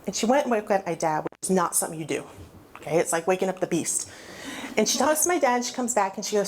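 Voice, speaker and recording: A woman's voice: mid-range voice, lively intonation, fast talker, darkish tone. A woman in her forties giving a personal testimony, candid and self-mocking as she tells her story. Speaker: recovery testimony speaker.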